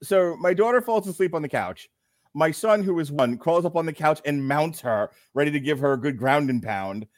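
A man's voice: a little high, lively intonation, moderate pace, no echo. Rambling, laughing male podcast host. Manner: loose, rambling storytelling, laughs a lot. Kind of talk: casual chat.

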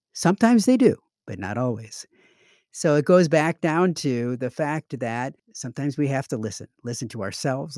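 A man hosting a podcast, speaking in a reflective, measured way. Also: medium pitch, a little mellow, no echo, clean studio sound. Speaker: podcast host. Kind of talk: casual podcast talk.

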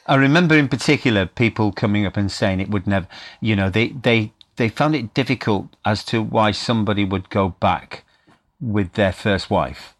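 A man, a guest actor, reminiscing in a podcast interview in a halting, stop-start way. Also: fairly low pitch. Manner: halting, full of restarts.

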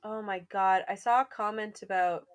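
A woman co-hosting a casual chat, animated and laughing as she tells stories. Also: medium pitch, moderate pace. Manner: animated storyteller, laughs while telling. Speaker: podcast co-host.

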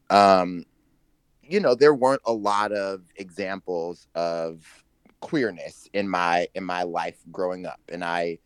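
A man in his forties co-hosting a casual gossip podcast, animated and quick to laugh, with playful slang. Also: low-pitched, clear, resonant tone, dry recording. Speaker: podcast co-host.

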